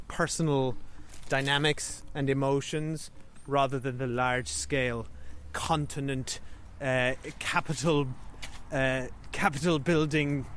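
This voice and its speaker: High-voiced man reviewing a film casually. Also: a little hiss or hum. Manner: thinks aloud, searching for words. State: parent. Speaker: podcast co-host.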